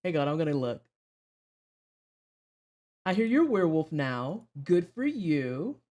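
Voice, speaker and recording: A woman's voice: lowish voice, very animated, normal speed, dark tone. A woman streaming her gameplay, chatting sarcastically with her chat and laughing often. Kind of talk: live-stream gameplay commentary, reading chat.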